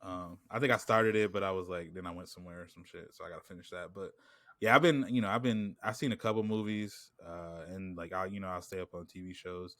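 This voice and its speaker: A man's voice: low-pitched, a little fast, a bit bright, dry recording. A man co-hosting a podcast in casual chat, rambling with lots of filler phrases and a New York accent. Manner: rambling, lots of "like" and "you know what I'm saying". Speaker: podcast co-host.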